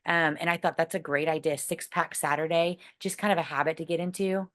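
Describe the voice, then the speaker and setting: A woman's voice: sits low, steady tone, a little fast, fairly bright tone. Chatty woman leading a team call. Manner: chatty, full of fillers and retellings. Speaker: team leader on a video call. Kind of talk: casual meeting talk.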